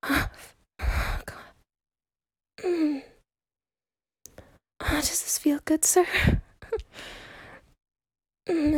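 Here a woman takes the part of a devoted, eager young secretary, begging in a soft, breathy whisper during a role-play. She speaks slowly at a high pitch, captured up close in a dry recording with no surrounding room.

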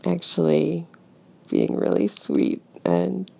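A young woman telling a story to a coworker in casual spoken role-play, hesitant with many ums and soft laughs. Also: deep voice, huge pitch swings, slow, gravelly, breathy edge.

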